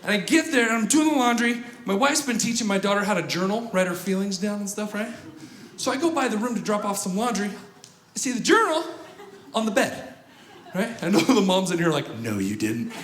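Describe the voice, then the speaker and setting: A man's voice: high voice, lively intonation, fairly quick, a little hiss or hum. A man in his thirties doing a stand-up comedy routine, acting out voices and checking in with the crowd. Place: comedy club stage. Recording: roomy stage with loud audience laughter.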